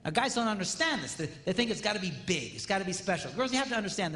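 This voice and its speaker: A man giving a comedic marriage seminar on stage in a large hall, playful and animated, acting out little quotes and sound effects. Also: sits high. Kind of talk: comedic live seminar talk. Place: large hall with live audience.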